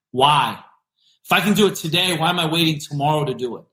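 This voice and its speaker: A male podcast host giving an energetic, emphatic motivational business talk, repeating punchy phrases. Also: fairly high pitch, fairly quick, reverberant.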